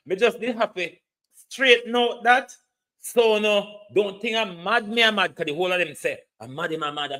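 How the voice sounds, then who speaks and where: Jamaican male host, sardonic political rant, bright edgy tone, sits a bit high. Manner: mocking, blunt, with frequent rhetorical "hmm?" tags. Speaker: online show host.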